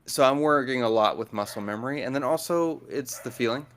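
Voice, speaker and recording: A man's voice: medium pitch, brisk, a little hiss or hum. A man in casual conversation, carefully and patiently explaining how he manages his speech. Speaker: guest. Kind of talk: casual chat.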